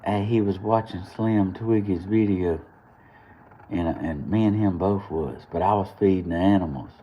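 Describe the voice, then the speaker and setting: A young Southern man from Georgia hosts his live morning stream, speaking in a low voice at a moderate pace. The recording is muffled with a little hiss or hum, and he chats casually through a rambling story, laughing often.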